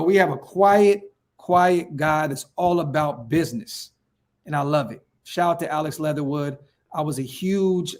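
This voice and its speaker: A Northern Californian man hosts a casual fan-channel livestream, reading viewer comments aloud in a hyped, slangy style and repeating his phrases. His pitch is fairly high and his tone a little mellow.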